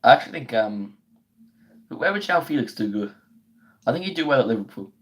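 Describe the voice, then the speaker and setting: A young man streams a football watchalong, his voice worn thin and going hoarse. He rambles in slangy, relaxed chat, then jumps into quick, excited play-by-play whenever the attack builds. His pitch sits in an ordinary middle register. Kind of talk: casual live stream chat with match commentary.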